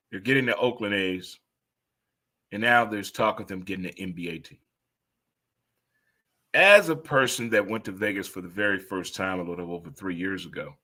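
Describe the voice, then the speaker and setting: A man in his fifties hosting a casual sports talk monologue, rambling and exclamatory with sudden high-pitched outbursts. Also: pushed and bright. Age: 50s.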